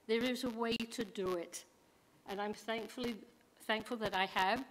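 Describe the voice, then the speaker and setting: A woman who is regaining her lost voice speaks informally to her temple congregation over a noisy livestream from the sanctuary, sharing a personal milestone. She tells stories full of quoted dialogue in a fairly high, gravelly, rather bright voice at a moderate pace.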